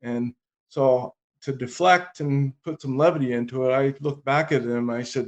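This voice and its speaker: A man as a podcast guest, telling anecdotes in a relaxed conversation with dry comic timing. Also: medium pitch, moderate pace, muffled recording. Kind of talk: casual interview storytelling.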